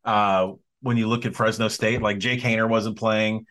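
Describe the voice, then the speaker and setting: A man co-hosting a sports betting podcast, giving a measured, stats-heavy analysis. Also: on the low side, little pitch movement, fairly bright tone. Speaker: podcast co-host.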